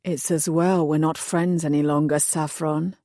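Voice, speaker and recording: A woman reading aloud voices a wry, flirtatious man, murmuring low and intimate. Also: little pitch movement, moderate pace, warm tone, no room sound, studio quality. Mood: teasing. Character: wry, teasing adult man, a magical love interest.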